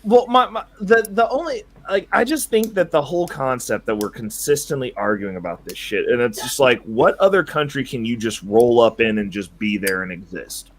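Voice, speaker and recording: A man hosting a casual livestream chat, slangy and animated, who keeps saying bro. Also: medium pitch, moderate pace, hardly any pauses. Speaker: podcast host.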